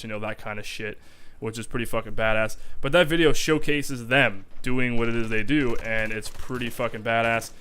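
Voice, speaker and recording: A man's voice: mid-range voice, fairly bright tone, clean tone. A young man talking in a casual vlog, rambling and swearing heavily as he describes army reserve life. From Canada. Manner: profane, rambling, emphatic.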